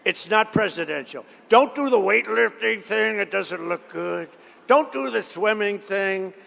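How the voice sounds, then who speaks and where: A man quoting his elegant wife as she softly and slowly coaxes him, in a barely altered voice. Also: high voice, lively intonation, creaky, heavily acted. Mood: coaxing. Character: elegant, gently scolding wife. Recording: reverberant hall.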